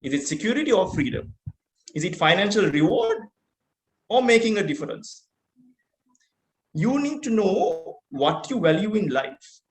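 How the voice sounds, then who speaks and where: A man's voice: high voice, big pitch swings, measured pace, pauses often. A man with a Sri Lankan accent giving a motivational keynote speech, earnest and full of rhetorical questions. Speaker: keynote speaker. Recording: roomy echo.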